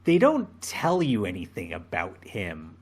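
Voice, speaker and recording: Slow, halting man chatting on a podcast. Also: low voice, huge pitch swings, a little mellow, breathy edge. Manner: slow, hesitant, many ums and restarts. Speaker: podcast co-host. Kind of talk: casual podcast chat.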